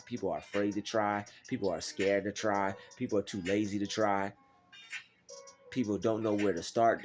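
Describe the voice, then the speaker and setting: A man giving a faith-based motivational talk, preachy and animated, acting out doubters in mocking voices. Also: on the low side. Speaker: motivational vlogger.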